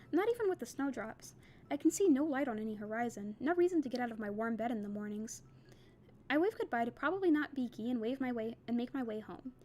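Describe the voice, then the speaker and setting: A young woman reads a novel aloud, keeping the narration steady and plain. Her voice sits a little high, and she drops into relaxed, chatty asides between passages. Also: slight background noise. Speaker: reader.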